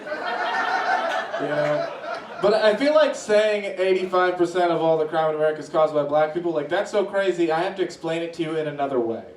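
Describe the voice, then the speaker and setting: A man doing stand-up, telling a story with lively swings in his voice as he acts out reactions. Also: moderate pace, slight background noise. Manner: animated, voices swing high when acting out reactions. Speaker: stand-up comedian. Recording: echoey room from a distance.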